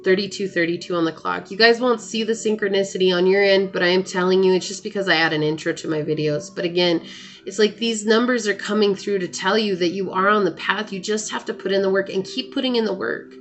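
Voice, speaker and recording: A woman giving a tarot reading to her viewers, reading card texts aloud and offering gentle, encouraging advice. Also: mid-range voice, quick pace. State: hiccuping. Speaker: tarot reader.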